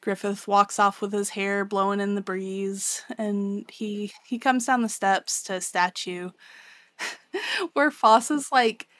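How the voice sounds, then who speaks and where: A woman's voice: mid-range voice, fairly even intonation, takes it slowly, a bit bright, no room sound. A young woman co-hosting a podcast, recapping a manga in loose, profane casual chat and laughing often. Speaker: podcast co-host.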